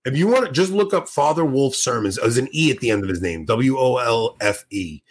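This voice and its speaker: A man's voice: mid-range voice, lively intonation, fairly quick, breathy edge. A man hosting a podcast in casual chat, enthusiastic and rambling, sounding tired. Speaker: podcast host.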